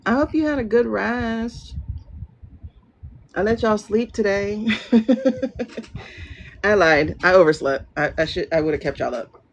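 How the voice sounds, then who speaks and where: A livestream tarot reader rambles casually to viewers from a room at home, greeting them by name. Her medium-pitched voice is expressive and unhurried, with long pauses. The phone livestream audio is lo-fi and carries loud noise.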